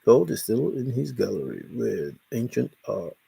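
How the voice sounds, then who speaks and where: A man's voice: medium pitch, big pitch swings, normal speed, creaky, dark tone, slightly rough, no echo. A man hosting a casual late-night livestream, reading viewer comments aloud and answering them playfully. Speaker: livestream host.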